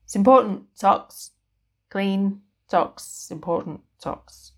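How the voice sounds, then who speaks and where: A woman's voice: mid-range voice, normal speed, darkish tone, pitched above the performer's own voice, lightly acted. A woman voicing a small, twitchy, frantic man who is a wizard, talking in a jittery, clipped way.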